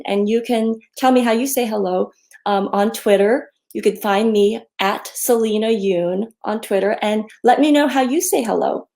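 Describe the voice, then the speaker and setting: A woman reading her picture book aloud to children, in a gentle, friendly storytime manner with many pauses and ums. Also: a little high, vocal fry.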